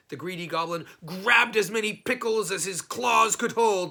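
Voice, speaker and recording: A man reads a storybook aloud in an expressive, unhurried way. His voice is bright and gravelly with a breathy edge. His pitch rises and falls widely.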